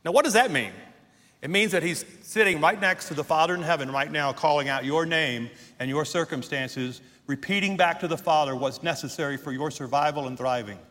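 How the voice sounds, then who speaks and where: A middle-aged man preaching a sermon as pastor, emphatic, stretching out key words and rising to shouts. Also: on the high side, a little fast. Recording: long hall reverb in a church.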